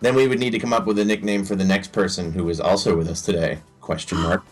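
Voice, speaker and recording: A man's voice: sits low, fairly even intonation, fast talker, faint music behind. A man hosting a casual podcast chat, rambling and joking with playful self-deprecation. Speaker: podcast host.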